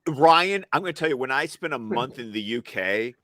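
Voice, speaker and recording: A man's voice: mid-range voice, expressive, moderate pace, sharp tone, dry recording, clean studio sound. A married man telling stories on a film stream panel, laughing as he talks. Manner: storytelling, laughs while talking. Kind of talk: casual chat.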